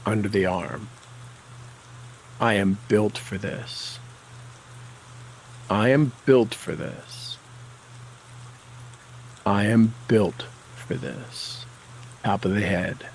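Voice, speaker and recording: Slow, low-voiced man guiding a tapping session. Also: fairly even intonation, a little hiss or hum, poor audio. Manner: slow, deliberate, coaching cues. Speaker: tapping coach. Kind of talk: guided tapping session with affirmations.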